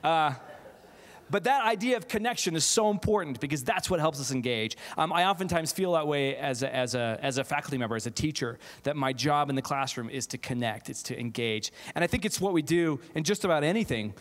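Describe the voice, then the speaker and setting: A man, a theatre teacher, giving an animated keynote talk to a live audience, often laughing and restarting his sentences. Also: on the high side, a little fast. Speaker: keynote speaker, theatre faculty member. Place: large auditorium, live audience. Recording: auditorium with long reverb.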